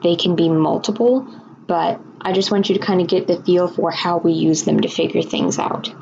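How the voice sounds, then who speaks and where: Woman teacher, patient explainer, slightly gravelly, lo-fi screen-recorded lesson. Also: on the low side, steady tone, normal speed, darkish tone, a little hiss or hum.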